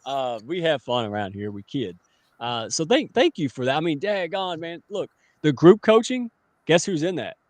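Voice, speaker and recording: A man's voice: a little high, very animated, moderate pace, no echo. A man in his forties hosting a live stream, playful and teasing in casual chat. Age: 40s.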